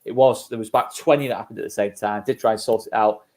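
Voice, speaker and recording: A man co-hosting a live fan stream, steering the chat and reading out poll results in a measured way. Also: fairly low pitch, fairly even intonation, a little mellow. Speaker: co-host of a fan channel.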